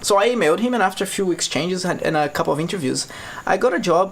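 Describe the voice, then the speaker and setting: Fast-talking Brazilian man vlogging. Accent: Brazilian Portuguese. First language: Portuguese. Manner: animated, laughing often, acting out quotes in a higher voice. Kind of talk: casual storytelling vlog.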